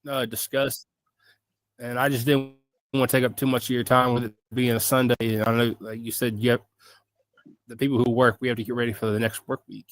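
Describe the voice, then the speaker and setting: A man hosts a podcast in loose, casual conversation. He jokes and teases playfully, his voice sitting in a middle pitch. The sound is dry and close, with no room around it. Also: level tone, a little fast, no room sound. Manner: joking, playful teasing. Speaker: podcast host.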